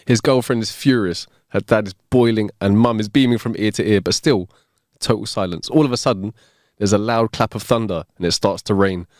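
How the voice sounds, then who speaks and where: A man's voice: on the low side, a little fast, a little mellow, no echo, clean studio sound. A man co-hosting a comedy podcast who tells jokes as stories and laughs at his own punchlines. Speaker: podcast co-host. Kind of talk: joke telling.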